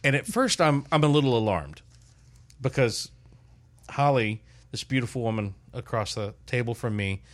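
An older man in casual chat, telling a lively family story as podcast host. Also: mid-range voice, moderate pace. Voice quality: animated storyteller, loud put-on shouts in quotes.

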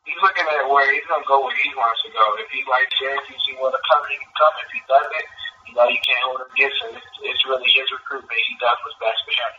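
Teen male football recruit, earnest and halting, distant muffled phone line, faint hiss. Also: mid-range voice, fairly even intonation, pushed and bright. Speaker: high school football recruit.

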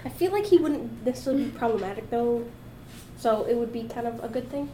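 Woman, fairly high voice, hesitant, roomy echo. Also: lively intonation, fast talker, warm tone, slight background noise. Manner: hesitant, trailing off. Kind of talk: casual chat.

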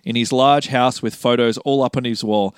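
Brief: man, casual comedic storyteller, steady mid pitch, dry close sound. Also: normal speed, smooth, dry recording. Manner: laughing often, enthusiastic storytelling. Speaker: podcast co-host pitching a movie sequel.

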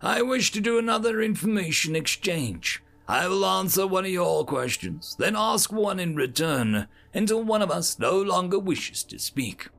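Gruff, proud male alien soldier, voiced by a male reader, clipped military talk, gravelly tone, lively swings in pitch. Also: moderate pace, few pauses, soft background music, full character voice.

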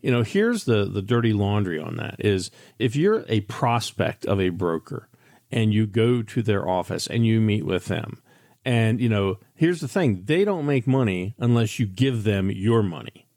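A man's voice: on the low side, animated, normal speed, darkish tone, no echo. Candid older man, dry radio mic. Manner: candid storytelling, many restarts. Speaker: financial advisor radio host. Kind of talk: radio talk monologue.

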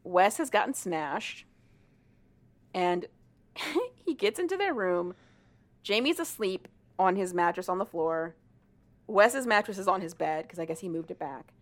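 A woman's voice: fairly low pitch, unhurried, long pauses. A young adult woman, a married podcast co-host, retelling a story in casual chat and acting out the characters' lines. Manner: animated, acts out characters' lines with swearing and laughter.

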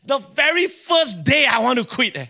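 A man's voice: extremely high pitch, very animated, moderate pace, creaky, sharp tone. A middle-aged man with a Singaporean English accent preaching a sermon, telling stories animatedly and acting out the dialogue. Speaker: pastor.

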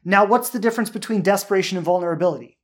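A man's voice: sits high, rapid-fire. A man coaching on relationships, answering listener questions in an earnest way and often checking in with "right?".

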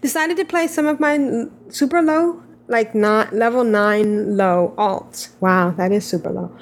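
A woman's voice: medium pitch, measured pace. A woman co-hosting a casual gaming podcast, reading listener emails aloud with giggly asides. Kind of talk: casual chat.

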